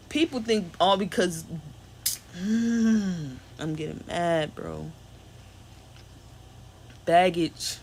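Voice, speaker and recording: A woman's voice: medium pitch, bright, forceful tone, slight background noise. A woman working as a spiritual reader, talking in an unscripted, rambling monologue full of slang and blunt insults.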